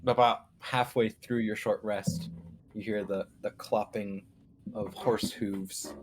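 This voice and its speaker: A man narrating as game master of a live tabletop game, in a relaxed, loose way. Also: fairly low pitch, slow, slight background noise.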